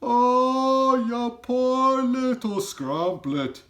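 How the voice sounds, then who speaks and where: Storybook giant, male, old, huge and soft-hearted, played by a man, high and sing-song, broken grammar, slow drawn-out words. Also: big pitch swings, exaggerated voice. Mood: tender.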